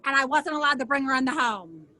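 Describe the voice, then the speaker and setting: Indignant high-voiced middle-aged woman. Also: quick pace. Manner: animated, acts out other people's lines. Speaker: interview guest. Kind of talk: emotional personal storytelling.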